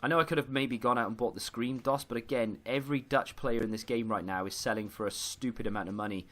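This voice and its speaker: A man talks his way through a football video game match, grumbling at his players and at himself as things go wrong. His voice sits at an ordinary middle pitch, and he jumps from the play on screen to chatty asides to his viewers. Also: fast talker, a bit bright. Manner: exasperated, self-deprecating running commentary. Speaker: gaming YouTuber. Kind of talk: live gameplay commentary.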